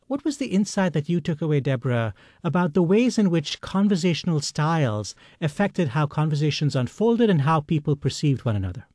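A man interviewing a guest, asking measured, curious questions. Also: fairly high pitch, very animated, darkish tone, no echo, studio quality.

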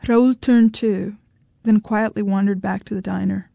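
A woman author reading her own short story aloud in a measured, even way. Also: mid-range voice, vocal fry, no echo, clean studio sound. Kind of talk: fiction reading.

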